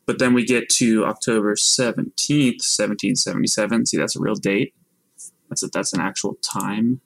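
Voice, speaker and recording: A man's voice: on the low side, fairly even intonation, moderate pace, creaky, no room sound, low-quality recording. A man co-hosting a podcast, talking in a laid-back, offhand way with lots of hedging. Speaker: podcast co-host. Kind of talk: casual chat.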